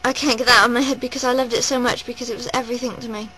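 A woman vlogging at home, gushing and rambling in a breathless, excited rush. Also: fairly high pitch, rapid-fire, crowd noise, poor audio. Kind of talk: excited personal vlog. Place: at home indoors.

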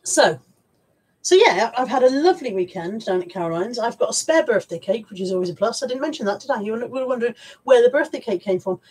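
A woman hosts a relaxed livestream from her home, reading out viewer comments and chatting in an informal, lightly sweary way. Her voice sits a little high and has a husky edge. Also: fast talker. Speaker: livestream host. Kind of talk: casual live chat, reading viewer comments. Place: at home with piles of stuff around her.

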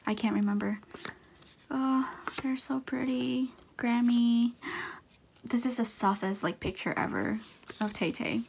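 A young woman with a slightly high voice talks her way through an unboxing in a loose, chatty vlog manner. She gushes and gasps with excitement, her speech sprinkled with fillers and little restarts. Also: slight background noise. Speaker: unboxing vlogger. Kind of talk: casual unboxing chat.

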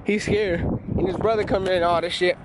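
Excitable slangy man telling a prank story. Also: fairly quick, background noise. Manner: excitable, slangy storytelling with sudden high-pitched outbursts. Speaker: prank channel host. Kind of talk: storytime talking to camera.

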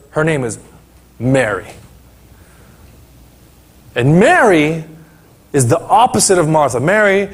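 Animated man preaching a sermon. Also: a little high, breathy edge. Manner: animated, conversational preaching with acted-out quotes. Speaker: pastor.

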